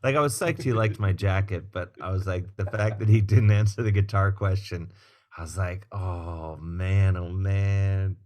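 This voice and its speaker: Low-voiced man telling animated stories. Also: normal speed. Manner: animated, swears, acts out quoted people. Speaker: guest comedian and musician. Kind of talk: casual storytelling chat.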